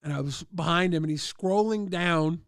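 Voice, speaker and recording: A man with a high, gravelly voice rambles through crude stories, full of "like" and loose asides. He jumps into other people's lines with a raised voice. The sound is dry and close, with no room around it. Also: normal speed, dry recording. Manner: rambling crude anecdotes with many "like" fillers. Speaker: livestream host. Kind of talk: casual storytelling.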